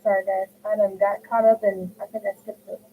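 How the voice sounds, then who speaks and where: A middle-aged woman hosts a crochet livestream, chatting casually as she works at home and reading viewers' comments aloud, answering each by name. Her medium-pitched voice barely varies in pitch and moves fairly quickly, over tinny, phone-like audio with faint hiss.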